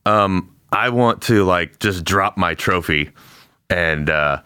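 A man's voice: sits low, slow pace, bright, forceful tone, smooth, no echo, studio quality. A man playing a tabletop role-playing game, rambling playfully and laughing as he describes his character's actions. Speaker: player. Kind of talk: tabletop role-play chat.

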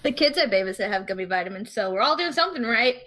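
A young woman co-hosting a podcast, telling stories in a giggly, animated way. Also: on the high side, fast talker. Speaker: podcast co-host. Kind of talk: casual chat.

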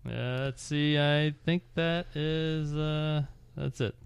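A man's voice: fairly high pitch, fairly even intonation, takes it slowly, gravelly, clean tone, no echo. A man co-hosting a podcast, running through a list in playful, teasing chat. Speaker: podcast co-host. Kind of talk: casual chat.

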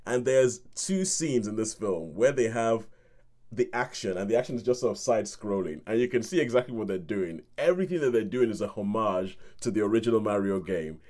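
This man hosts a film review podcast, and his voice is lowish, animated, brisk and a little mellow. He chats casually, laughs often, acts out his own reactions and hums tunes.

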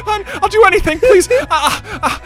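A podcast host improvising a desperate husband stuck in a cereal box, who begs his wife not to leave in a strained, high, pleading voice. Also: sing-song, moderate pace, over music. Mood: sobbing, begging. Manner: begging, repeating pleas. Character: panicking man, stuck and sobbing. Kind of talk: improvised infomercial parody.

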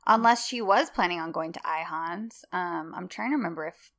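Woman, podcast co-host, crisp bright voice, casual reactive chat. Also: fairly low pitch, moderate pace. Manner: reactive, agreeing, short interjections.

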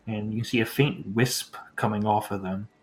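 A man's voice: fairly low pitch, fairly even intonation, normal speed. A man running a tabletop game as game master, describing scenes loosely with many fillers.

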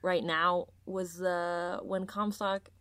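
A woman chatting on a gaming podcast, halting as she searches for her words. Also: on the low side, little pitch movement, a bit bright, dry recording. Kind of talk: casual gaming podcast chat.

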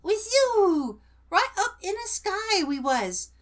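A woman voicing a boastful baby male dormouse, speaking in squeaky, childish broken grammar. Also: sing-song, takes it slowly, exaggerated voice.

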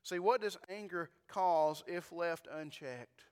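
A male pastor delivers a sermon in a clear, high, darkish voice at a slow pace, and it rings out with long reverb in the church sanctuary. His preaching is conversational, full of folksy rhetorical questions, repeated words and frequent restarts.

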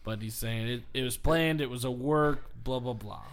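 A man's voice: medium pitch, moderate pace. A man hosting a casual podcast, telling a story in a rambling way with frequent laughs and swearing. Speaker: podcast host. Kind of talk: casual chat.

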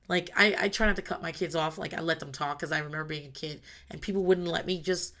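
A woman's voice: lowish voice, a bit bright. A mother in her thirties talking candidly about parenting, blunt and emphatic, swearing freely. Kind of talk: casual monologue.

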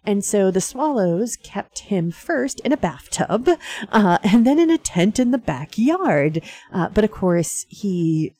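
A woman's voice: medium pitch, sing-song, takes it slowly, dark tone, slightly rough, no echo. A woman hosting a radio show, talking casually with many fillers and small laughs. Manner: chatty, frequent fillers and laughs.

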